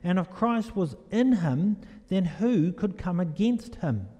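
A man preaching a sermon in a church, animated and storytelling, asking the congregation questions. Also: high voice, slow pace, breathy edge. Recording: echoey hall reverb.

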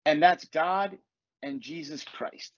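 A man's voice: on the high side, slow, a bit bright, dry recording, dull audio. A man hosting a podcast, talking casually and bluntly with lots of swearing, as a life coach. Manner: blunt, profane, confessional. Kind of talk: casual chat.

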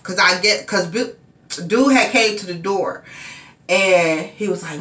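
A woman telling a personal story in casual vlog style, sometimes acting out frantic cries in a high voice. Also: a little slow, fairly bright tone. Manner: emotional retelling, acts out frantic cries in high pitch. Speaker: vlogger. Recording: echoey room.

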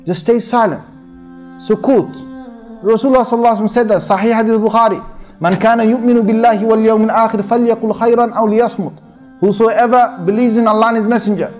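A man's voice: sits high, a little mellow. A man giving an informal sermon as a sheikh, talking conversationally, repeating his phrases and breaking into Arabic recitation.

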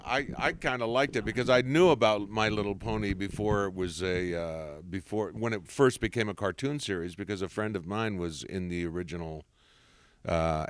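Lively storytelling man, smooth and dry. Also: low voice, dry recording. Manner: animated storyteller, laughs often. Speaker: voice actor guest. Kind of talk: casual convention interview. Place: convention panel interview.

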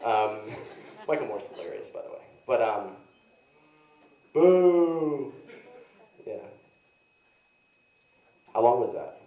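A young adult male stand-up comic tells a story at a live comedy venue, his fairly low, slightly mellow voice moving at a measured pace with long pauses. His delivery is loose, rambling and self-mocking, leaning heavily on "like." The dull audio comes from a distant mic in an echoey, roomy space.

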